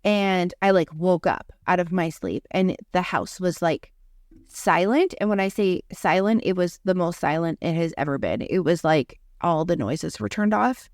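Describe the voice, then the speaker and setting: A woman's voice: fairly low pitch, animated, normal speed, darkish tone, no echo, clean studio sound. A young adult woman, a podcast co-host, telling a story in casual chat and filling it with lots of "like". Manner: rambling, heavy use of "like" fillers.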